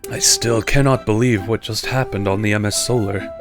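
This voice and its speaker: A man voicing a calm, formal male guide who gives careful instructions. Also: fairly low pitch, close to an everyday voice. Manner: measured, formal. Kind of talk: reading game dialogue in voices. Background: game music.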